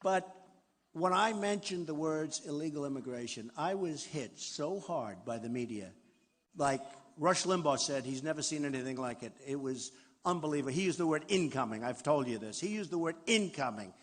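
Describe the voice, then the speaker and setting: At a campaign rally, an older New York-accented man addresses a large crowd in a hall with a rambling, self-praising speech. His fairly high voice is animated at a normal pace, and the audio has hall reverb and faint crowd noise.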